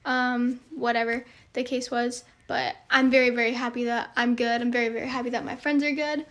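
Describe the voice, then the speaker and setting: A woman's voice: a little high, flat delivery, brisk, a bit bright. A young woman and social media creator speaks to her followers in a heartfelt monologue. She rambles earnestly, full of fillers.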